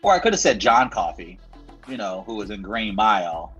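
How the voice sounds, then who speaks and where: Low-voiced man with a mock-serious bit. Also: big pitch swings, moderate pace, fairly bright tone, dull audio, soft background music. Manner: mock-serious, rants in a running gag. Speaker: podcast co-host. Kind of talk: deadpan comedy bit.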